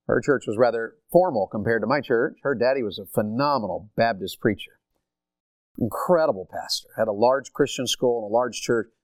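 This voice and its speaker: A man's voice: medium pitch, normal speed, dry recording, studio quality. An older man with a Southern accent from Tennessee, preaching a sermon and asking his congregation questions. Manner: animated, asks the congregation questions. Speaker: pastor.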